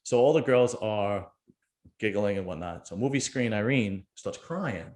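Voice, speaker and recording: A man's voice: fairly low pitch, animated, measured pace, darkish tone. A middle-aged man, hosting a casual chat and telling a rambling, joking story. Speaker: podcast host.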